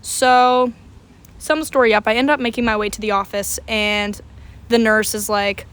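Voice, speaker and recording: A young woman with a fairly high voice recounts a story straight to camera. She tells it in an animated, dramatic way. She swears without a second thought. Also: normal speed, clean tone. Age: young adult. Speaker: vlogger.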